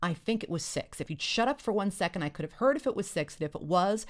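A woman's voice: lowish voice, animated, fast talker, pitched above the performer's own voice, close to an everyday voice. A woman playing a jittery superstitious young guy. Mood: panicky. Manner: blustery, panicky insistence.

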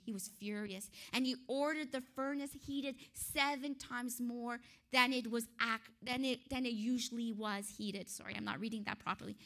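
A woman's voice: on the high side, pushed and bright. A woman preaching a sermon in an earnest, emphatic way, often correcting herself with a light laugh.

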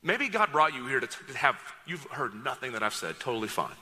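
A man's voice: medium pitch, big pitch swings, fairly quick, sharp tone. A man preaching a sermon as pastor, talking in a conversational, joking and direct way to his congregation. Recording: long reverb of a large hall.

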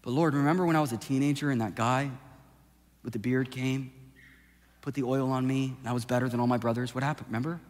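A male pastor preaching a sermon, swinging from impassioned shouting down to a hushed, intimate delivery. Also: medium pitch, steady tone, fast. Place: church sanctuary. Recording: long hall reverb with soft music behind.

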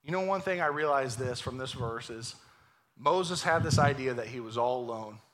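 Bright-voiced joking preacher man. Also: mid-range voice, normal speed. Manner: lively, joking, acts out voices. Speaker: pastor. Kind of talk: sermon. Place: church sanctuary.

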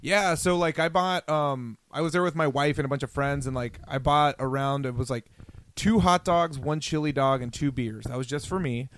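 A man's voice: fairly high pitch, normal speed, a bit bright. A man co-hosting a podcast, chatting casually and enthusiastically, often laughing as he talks. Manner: enthusiastic, laughs while talking. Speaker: podcast co-host.

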